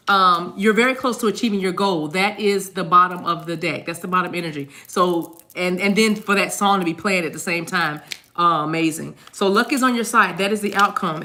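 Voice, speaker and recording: A woman's voice: medium pitch, bright, forceful tone. A woman giving a casual, rambling tarot card reading, often repeating words and addressing viewers directly. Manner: chatty, rambling, repeats words, sings snatches of songs.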